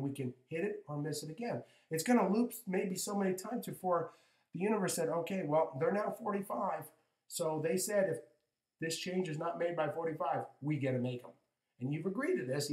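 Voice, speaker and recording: A man's voice: on the high side, darkish tone. A man in his fifties giving a conversational motivational spiritual talk as a coach, often breaking off to ask "right?". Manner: conversational, with frequent "right?" asides and restarts. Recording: echoey room.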